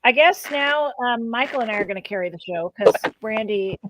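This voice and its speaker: A woman with a fairly high voice hosts a casual chat over a video call. She is playful and chatty and thinks aloud with fillers. There is a faint hiss behind her. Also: lively intonation, fairly quick. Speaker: host.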